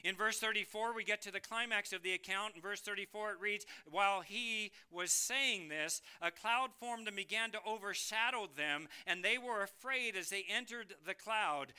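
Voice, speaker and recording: A man preaching a sermon, lively and questioning, reading scripture aloud and asking the congregation questions. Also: high-pitched, clean tone. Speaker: pastor.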